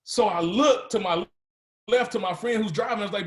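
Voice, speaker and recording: A motivational speaker with a high voice talks a little fast to a live audience, sharing his story and climbing to emphatic, rising peaks. The sound is roomy.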